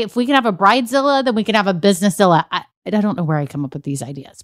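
A woman's voice: mid-range voice, rapid-fire, hardly any pauses, no room sound. A young woman with a lilt talks through her business podcast, bubbly and emphatic. Her voice sits in a middling register, and the recording is dry and close with no room sound. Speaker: podcast host. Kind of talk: upbeat business podcast monologue.

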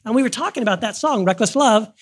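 A woman hosts a podcast recorded live in front of an audience, speaking earnestly but casually and often restarting her sentences. Her voice is a little high, expressive, fast, and husky.

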